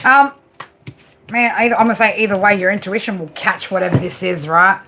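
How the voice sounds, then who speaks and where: A tarot reader gives a live reading in a medium-pitched, slightly fast, pushed and bright voice, with slight background noise. She's blunt and swears freely, coaching emphatically and constantly peppering her talk with "right?".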